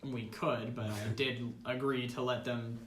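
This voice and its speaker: A man's voice: medium pitch, steady tone, measured pace, a little hiss or hum. A teenage boy playing a tabletop role-playing game, telling his character's story in an earnest, dramatic way. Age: teens. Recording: echoey room.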